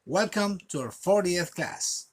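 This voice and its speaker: Man teaching a slow English class. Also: high-pitched, lively intonation, soft background music. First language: Spanish. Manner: slow, repeats words for learners to copy. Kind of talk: recorded online class.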